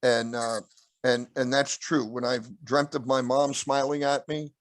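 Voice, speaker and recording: Male guest, rambling storyteller, throat-clearing, dry close mic. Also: flat delivery, measured pace, no room sound. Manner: rambling, acts out quotes with raised pitch. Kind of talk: casual storytelling.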